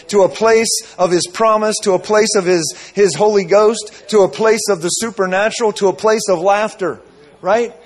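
High-voiced man preaching a sermon. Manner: storytelling with many asides and repeated phrases.

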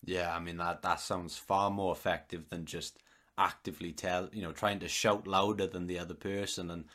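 A man's voice: sits low, flat delivery, moderate pace, fairly bright tone. A man hosting a podcast over a video call, asking thoughtful, probing questions in a casual way. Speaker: podcast host. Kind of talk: casual interview talk.

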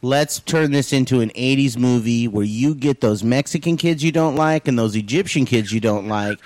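A man's voice: mid-range voice, moderate pace, a little mellow, no echo. Man laughing through joking podcast banter. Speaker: podcast guest. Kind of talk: casual comedy podcast chat.

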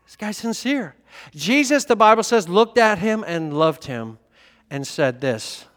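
Male preacher, sermon delivery, animated and emphatic, high voice, long hall reverb. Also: unhurried. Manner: animated, swinging from quiet to emphatic. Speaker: pastor.

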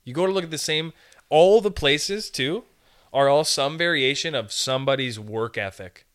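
A man's voice: fairly high pitch, moderate pace, fairly bright tone, smooth. A young man hosting a podcast, rambling through a jokey casual monologue and slipping into put-on voices now and then. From Canada. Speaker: podcast host.

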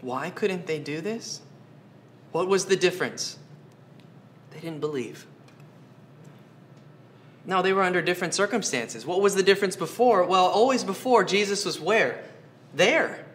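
A man's voice: high-pitched, lively intonation, measured pace, long pauses, a bit bright, slight background noise. A man preaching a sermon, earnest, asking his listeners question after question and repeating phrases for emphasis. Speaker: pastor.

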